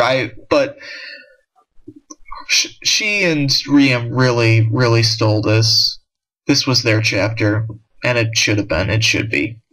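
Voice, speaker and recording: A man's voice: medium pitch, pushed and bright, low-quality recording. A man giving a casual, rambling spoken review of a comic chapter, with frequent restarts and filler words. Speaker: manga discussion vlogger.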